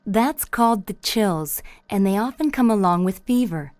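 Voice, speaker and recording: A woman reading a mother's lines in a scripted practice dialogue, calm and careful. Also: medium pitch, normal speed, dry recording.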